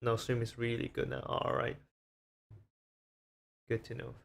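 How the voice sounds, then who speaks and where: A man's voice: medium pitch, monotone, unhurried, vocal fry. A man streaming casually, rambling and self-conscious as he shows off the different voices he talks in. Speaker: VTuber streamer.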